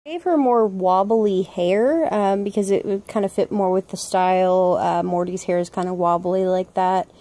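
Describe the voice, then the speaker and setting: A woman's voice: mid-range voice, moderate pace, hardly any pauses, mellow. A young woman chatting casually and upbeat as she narrates her own art video, laughing often. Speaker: vlog host, artist. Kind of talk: casual voice-over commentary.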